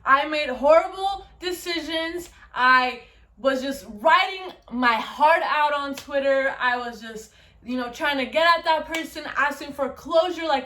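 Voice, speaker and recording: A woman's voice: sits high, unhurried, pushed and bright. A young woman vlogger chatting casually to her viewers, often saying "you guys" and "okay". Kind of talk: casual talk to camera.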